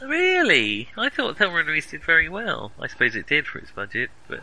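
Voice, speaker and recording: Man, middle-aged, casual film talk, very bright voice, lively swooping pitch, laughs easily. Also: fairly quick, rough recording. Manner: animated, laughs easily, self-deprecating. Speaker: podcast co-host.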